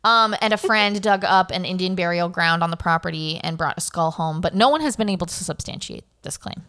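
A woman's voice: lowish voice, a little fast, a bit bright. A woman hosting a podcast, telling a spooky story in casual chat, rambling with lots of fillers and correcting herself. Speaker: podcast host.

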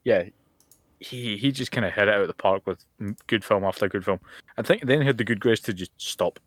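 A man's voice: on the low side, fairly quick, dry recording. A man co-hosting a podcast over a voice call, with dry, opinionated quips. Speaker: podcast co-host. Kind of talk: casual chat over voice call. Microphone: voice call mic.

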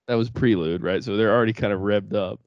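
A young man with a low voice tells family stories in a loose, rambling way, swearing freely and laughing through his words. He is recorded close on a dry podcast mic. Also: quick pace, darkish tone, dry recording, muffled recording. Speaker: podcast co-host. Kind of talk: casual chat.

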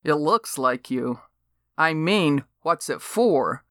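Woman playing wry small-town fellow, drawling, slow, lowish. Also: expressive, dry recording, clean studio sound.

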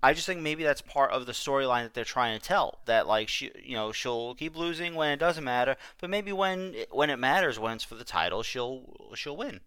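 Bright, smooth-voiced hesitant man. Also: medium pitch, lively intonation, moderate pace, few pauses, no room sound. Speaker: podcast co-host. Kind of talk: casual wrestling podcast chat.

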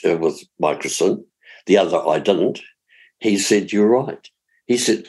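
An older New Zealand man talks through gardening tips in a relaxed, explanatory way, slowing down to spell words out. His voice sits very low and has a husky, slightly rough edge. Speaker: gardening expert. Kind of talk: radio gardening advice chat.

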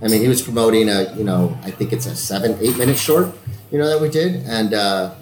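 A man's voice: fairly low pitch, a little fast, roomy sound. A man chatting casually on a video call, laid-back and slangy, laughing easily. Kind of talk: casual chat.

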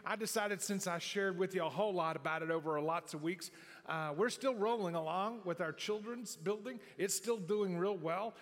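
A man's voice: sits high, normal speed. A middle-aged male pastor preaching a sermon in a folksy, rambling way with many restarts. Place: church sanctuary. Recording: long hall reverb.

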